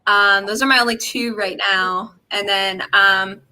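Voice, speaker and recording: Very bright, giggly young woman guest. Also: mid-range voice, fairly even intonation, a little slow, rough recording. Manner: giggly, upbeat. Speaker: guest, sixth grade teacher. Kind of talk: casual livestream chat.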